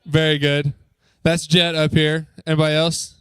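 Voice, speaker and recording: Upbeat youth pastor, dry sound. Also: male voice, fairly high pitch, little pitch movement, a bit bright, clean tone, no room sound. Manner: upbeat, joking, coaxing the crowd with quick questions. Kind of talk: lively talk to a youth group. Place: church youth room.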